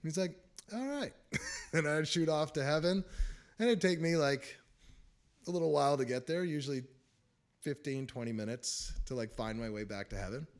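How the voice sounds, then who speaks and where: A man's voice: on the high side, moderate pace, long pauses. A man hosting a casual spiritual talk, rambling through his testimony and chuckling often. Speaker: host of a spiritual talk show.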